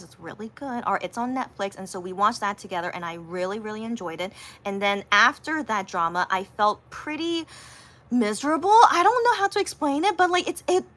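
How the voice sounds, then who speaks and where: A woman chatting casually to her viewers, rambling through a story with lots of fillers and restarts, and acting out quotes in a higher voice. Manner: animated, acts out quotes in a higher voice. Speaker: livestreamer.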